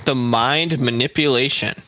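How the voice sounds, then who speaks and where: A man's voice: mid-range voice, a little slow, bright, forceful tone, no room sound. A man co-hosting a casual watch-along chat who laughs easily and swears. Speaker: podcast co-host.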